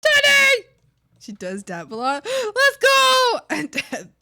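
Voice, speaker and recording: A woman's voice: high voice, slow pace, vocal fry, dry recording, studio quality. A woman in her thirties chatting casually and playfully while drawing on a stream, laughing often. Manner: giggly, playful, animated.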